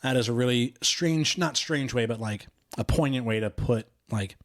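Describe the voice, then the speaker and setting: A man's voice: medium pitch, moderate pace, no echo, clean studio sound. A man co-hosting a podcast, retelling a film in a casual, rambling way, with lots of "you know" and "like". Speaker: podcast co-host.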